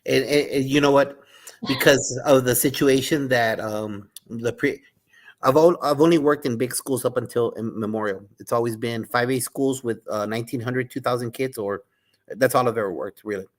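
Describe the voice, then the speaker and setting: A man's voice: medium pitch, normal speed. Fifties guy, school admin, fired up and kinda repetitive, like a coach at halftime. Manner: animated, repeats words, coach-like urging. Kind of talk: casual interview talk.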